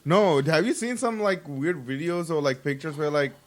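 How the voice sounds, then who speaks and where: A man's voice: fairly high pitch, expressive, moderate pace. A man co-hosting a podcast in easygoing casual chat, laughing often. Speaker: podcast co-host.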